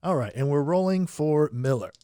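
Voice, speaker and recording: A man's voice: a little high, expressive, moderate pace, warm tone, dry recording, clean studio sound. Wisecracking male game show host. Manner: teasing, wisecracking, laughs often. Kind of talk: casual comedic game show banter. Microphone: phone call.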